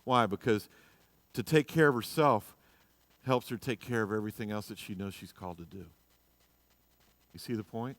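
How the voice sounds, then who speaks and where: A man teaching a casual Bible class in church, chatty and joking, dropping to quiet asides and rising to loud bursts. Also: fairly low pitch, moderate pace, long pauses, dry recording.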